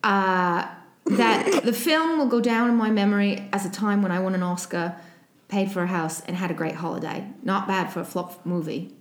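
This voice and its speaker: A woman doing a quick, clipped impression of a gruff, lower-class male London actor, in a put-on London accent. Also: echoey room, lightly acted. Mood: mock-gruff.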